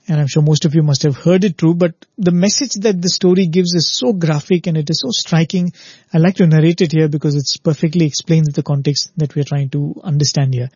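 A man's voice: on the high side, fairly even intonation, brisk, darkish tone, slightly rough, no room sound, highs cut off. A man giving a spiritual talk who tells a parable earnestly and keeps checking in with the listener. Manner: earnest, repeats "very, very" and asks "right?". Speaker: spiritual speaker.

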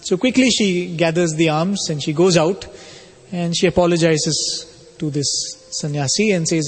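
A man giving a spiritual talk, telling a story in a measured, explanatory way. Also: a little high, slightly rough. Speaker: spiritual speaker. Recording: long reverb of a hall.

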